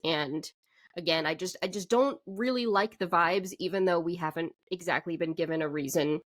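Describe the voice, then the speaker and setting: A woman's voice: on the low side, normal speed. A woman co-hosting an anime podcast, chatting in a thoughtful, casual way and laughing often. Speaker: podcast co-host.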